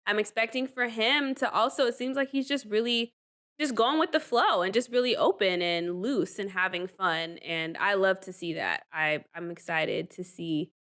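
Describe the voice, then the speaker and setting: A chatty woman co-host riffing casually on a dating show. She is animated, breaks into laughter often, and fills her talk with "like" and "um". Her voice sits in a middle pitch, neither high nor low. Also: normal speed. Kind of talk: casual reality-TV reaction chat.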